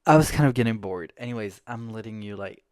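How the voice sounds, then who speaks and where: A man's voice: fairly low pitch, fast talker. Man swearing through a story. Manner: profane, animated, laughing at himself. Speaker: podcast host. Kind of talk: casual storytelling. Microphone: phone.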